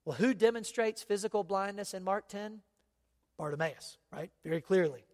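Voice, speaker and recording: A man preaching a sermon, emphatic, often checking in with the congregation with quick asides. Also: sits high, a little mellow, long reverb tail. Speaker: pastor.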